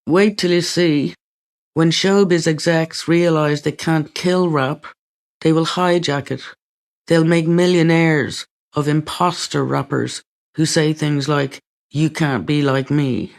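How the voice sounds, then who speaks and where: A man reading a first-person memoir aloud in a steady way, with dry, wry asides. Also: on the high side, slow pace, vocal fry. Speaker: audiobook reader.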